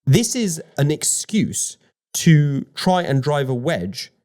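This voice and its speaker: A man talking on a podcast, his voice sitting a little higher than most men's. He argues with energy and keeps firing rhetorical questions at his listener. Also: slow pace. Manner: animated, argumentative, rhetorical questions. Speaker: podcast co-host. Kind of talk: conversational podcast discussion.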